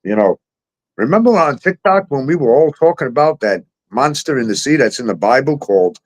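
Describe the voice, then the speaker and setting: A man's voice: medium pitch, expressive, a little fast. A middle-aged man hosting a talk show, ranting with heavy profanity, sarcasm and disbelief.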